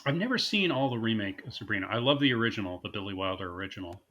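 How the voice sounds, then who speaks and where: A man co-hosting a casual movie podcast, his pitch bouncing around as he retells scenes. His voice is bright and forward, and he slips into put-on voices for the characters. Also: rapid-fire, highs cut off. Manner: animated, acts out movie lines in put-on voices. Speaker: podcast co-host. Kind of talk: casual chat.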